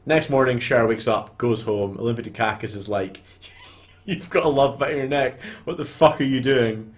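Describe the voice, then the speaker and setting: A man co-hosting a casual film chat, retelling scenes with animated storytelling and frequent swearing. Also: medium pitch, normal speed. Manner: animated storytelling, swears freely, quotes characters in little voices. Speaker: podcast co-host.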